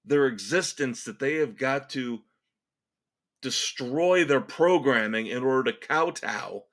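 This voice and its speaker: A man hosts a solo rock podcast and rants about the networks. He speaks slowly and lets the words drag. His tone is sarcastic and exasperated, and he leans hard on every point. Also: mid-range voice, expressive, fairly bright tone. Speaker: podcast host. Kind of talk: opinionated solo rant.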